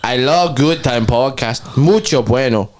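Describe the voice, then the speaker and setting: A man's voice: medium pitch, a little slow. A middle-aged man hosting a podcast, joking and laughing often in casual chat. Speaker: podcast host.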